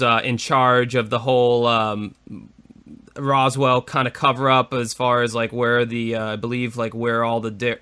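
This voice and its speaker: A man's voice: medium pitch, pushed and bright, smooth. A man co-hosting a podcast in casual chat, rambling with many fillers. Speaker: podcast co-host.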